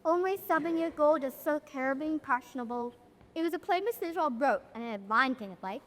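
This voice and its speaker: A woman's voice: sits high, lively intonation, brisk. A young woman narrating a school stage play, telling the story wryly to the audience as "you". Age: young adult. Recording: echoey auditorium, from a distance.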